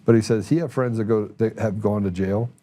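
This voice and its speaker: A man's voice: fairly low pitch, fairly even intonation, brisk, warm tone. A man hosting a political talk show, telling a long story in a rambling way with many restarts. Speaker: podcast host.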